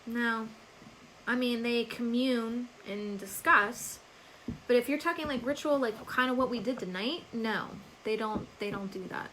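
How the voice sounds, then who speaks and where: A woman with a bright, fairly high voice hosts a live stream, answering viewer comments in loose, casual chat. She laughs often and calls out viewers by name. A faint hiss sits under her voice. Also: measured pace, poor audio. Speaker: psychic medium hosting a live stream.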